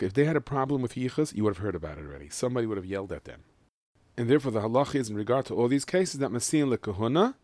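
A man teaching a Mishnah lesson in Yeshivish English with Ashkenazi Hebrew, explaining each line and chanting the Hebrew text slowly. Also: medium pitch, a little mellow, no echo. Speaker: Torah teacher.

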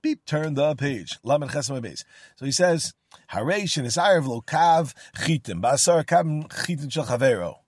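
Man, casual Talmud teacher, slightly high voice, animated and acts out the debate, dry close sound. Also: measured pace, no room sound. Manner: animated, acts out the rabbis' dialogue, mixes Hebrew and Aramaic terms.

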